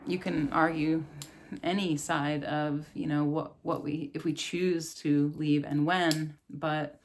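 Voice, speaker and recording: A woman's voice: deep voice, steady tone, slow, long pauses. A woman in her thirties, a yoga and meditation teacher, giving an earnest, casual spiritual talk and laughing often.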